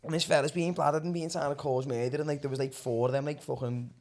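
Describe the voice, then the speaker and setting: A man's voice: on the high side, steady tone, fast, a little mellow. A man with a Liverpool accent telling rambling, swear-filled comic stories on a podcast and calling everyone lad. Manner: rambling, swears freely, calls people lad. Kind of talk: casual comedic storytelling.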